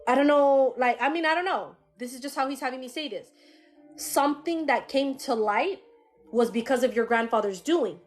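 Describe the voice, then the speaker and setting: High-voiced, animated woman psychic medium. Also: normal speed, soft background music. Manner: casual and animated, swears and laughs often. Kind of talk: live-streamed psychic reading.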